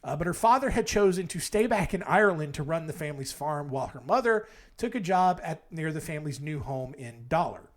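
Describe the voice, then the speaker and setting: A man hosts a casual storytelling podcast, reading out ghost tales and breaking off into wry asides. His voice is fairly high and swings widely in pitch. He pads his sentences with fillers as he goes. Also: lively intonation, brisk. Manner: wry, digressive, with frequent fillers. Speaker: podcast host.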